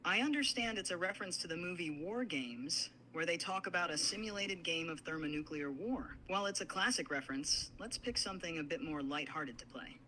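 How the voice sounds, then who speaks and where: A synthetic male assistant voice, pitched a little high and very bright. It answers in a polite, apologetic and formal way, with faint noise in the background. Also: a little fast, few pauses, low-quality recording. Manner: apologetic, even-toned and formal.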